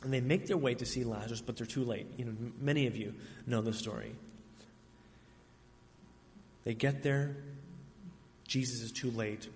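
A man preaching a sermon, earnest and emphatic, with dramatic pauses between phrases. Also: mid-range voice, fairly even intonation. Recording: reverberant hall, faint ambient noise.

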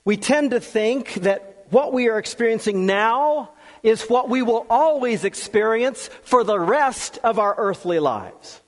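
A man with a fairly high voice preaches slowly and earnestly, leaving long pauses and letting key words sink low and soft. His voice rings out with a long reverb, as in a large hall. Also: expressive. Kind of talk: sermon.

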